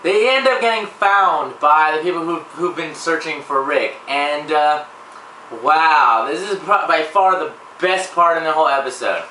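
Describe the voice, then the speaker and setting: A man's voice: on the high side, measured pace. A young man hosting a gaming channel, giving a casual, rambling TV episode recap full of swearing and filler words. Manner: profane, filler-heavy, excitable. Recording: echoey room, distant mic, faint hiss.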